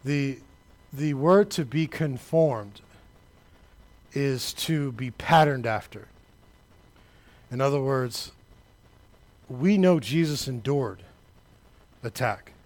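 A man preaching a sermon, talking straight to the congregation, building to shouted peaks and then dropping low and quiet. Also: slow pace, pauses often. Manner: conversational, addresses the congregation directly.

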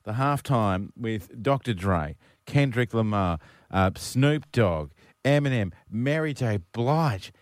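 A man with an Australian accent hosting a casual radio show, quick with jokes. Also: medium pitch, animated, no echo, studio quality. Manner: jokey, quick with a punchline. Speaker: radio host.

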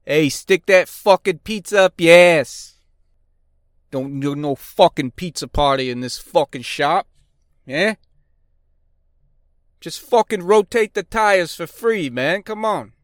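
Man doing a crude shop bully, yelling, raised pitch, clean dry sound. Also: animated, takes it slowly, pauses often, no echo. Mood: abusive yelling. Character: loud foul-mouthed male mechanic bossing others.

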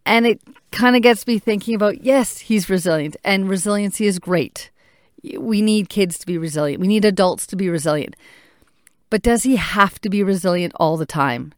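A woman in her thirties talks openly about family life, pausing often to think aloud. Her voice sits low and even, and the recording is close and dry with no room sound. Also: dry recording. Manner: candid, reflective, thinking aloud with pauses. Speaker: mother. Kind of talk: personal talk to camera.

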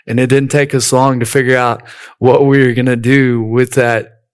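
A man preaching a sermon in a relaxed, conversational way, weaving in stories from his own life and often saying "you know". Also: medium pitch, moderate pace, clear, resonant tone. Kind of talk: sermon with personal storytelling.

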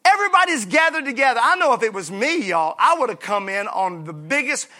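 High, bright-voiced pastor preaching. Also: male voice, brisk. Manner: lively preaching with call-and-response and humor. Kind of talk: sermon. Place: church sanctuary.

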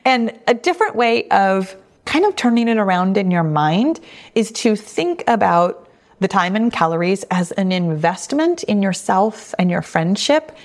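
A woman's voice: medium pitch, big pitch swings, measured pace. A middle-aged woman hosting a weight loss podcast, answering listener questions in a reassuring, conversational way. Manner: warm, reassuring, conversational with frequent restatements.

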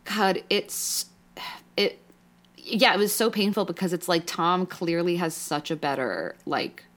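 A woman's voice: lowish voice, a little slow. A young woman co-hosting a podcast, chatting casually and emotionally about a TV episode, full of "like" fillers and restarts. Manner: rambling, many "like" fillers, emotional and animated. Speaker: podcast co-host. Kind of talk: casual recap chat.

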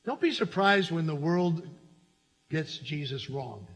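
A man pastor preaching a sermon in an animated, conversational way, with lots of repetition, in a church. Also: on the high side, takes it slowly. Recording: echoey hall reverb.

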